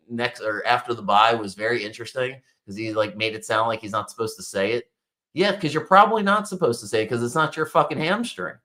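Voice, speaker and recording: A man's voice: medium pitch, sharp tone. Frustrated man ranting about football. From Baltimore area. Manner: frustrated, exasperated, swears. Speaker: sports podcast host. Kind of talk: ranting sports commentary.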